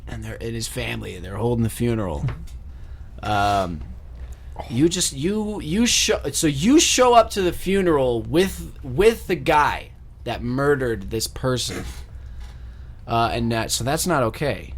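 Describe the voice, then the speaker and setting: Tipsy podcast co-host, animated and swearing, lively range. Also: male voice, mid-range voice, unhurried. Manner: animated, swearing, joking storyteller. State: tipsy from vodka. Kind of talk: casual comedy podcast banter.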